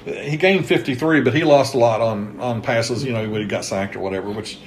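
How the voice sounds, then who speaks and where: A man's voice: mid-range voice, brisk, a little hiss or hum. A man with a Kentucky accent hosting a casual interview about an old football season, talking easily and reeling off statistics. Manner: chatty, reels off season statistics. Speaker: host interviewing a former coach. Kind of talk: casual sports history interview.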